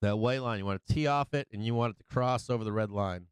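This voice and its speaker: Running a stock market livestream on no sleep, this tired host talks over charts in a casual, excitable way, swearing heavily and laughing a lot. His voice is on the low side, quick, clear, and resonant, captured in a dry recording.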